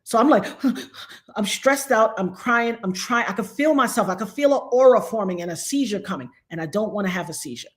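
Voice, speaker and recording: A woman from Trinidad, a guest on a live stream, telling a story in a dramatic, animated way over a call mic. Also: medium pitch, a little fast, few pauses. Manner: dramatic, animated retelling with acted-out quotes. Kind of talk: casual storytelling.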